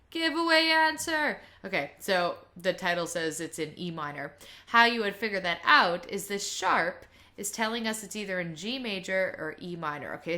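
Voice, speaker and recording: A woman's voice: lowish voice, pushed and bright. A woman teaching a piano lesson in a casual video, chatty and prone to rambling asides.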